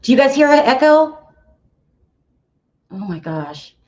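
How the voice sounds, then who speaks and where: A woman's voice: sits high, very animated, slow pace, darkish tone. A woman hosting a casual gossip show, chatty and full of exclamations, talking straight to her viewers. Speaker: YouTube gossip show host. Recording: echoey room, dull sound.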